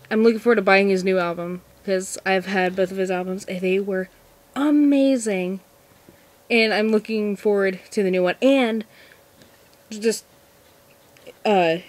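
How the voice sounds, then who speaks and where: A woman's voice: mid-range voice, darkish tone. A seventeen-year-old girl answering viewer questions in a casual vlog, nervous and giggly, rambling with lots of restarts. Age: teens. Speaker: vlogger.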